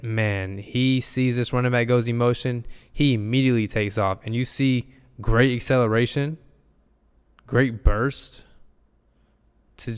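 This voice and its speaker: A man's voice: medium pitch, smooth, long reverb tail. A young man, an enthusiastic football analyst, talking loosely through game film and repeating himself as he goes. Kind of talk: casual film breakdown.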